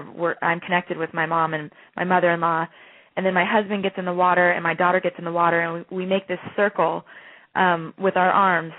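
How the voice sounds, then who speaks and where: A woman's voice: lowish voice, no echo. A woman in her thirties, a guest telling a long personal story over the phone in an earnest, gushing way, full of restarts and fillers. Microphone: telephone. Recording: tinny dry phone line.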